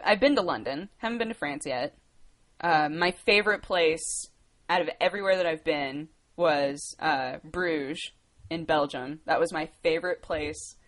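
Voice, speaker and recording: A woman's voice: lowish voice, a bit bright. A woman in her twenties from the United States, chatting casually on a livestream, rambling and laughing as she answers viewer questions. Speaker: livestream host.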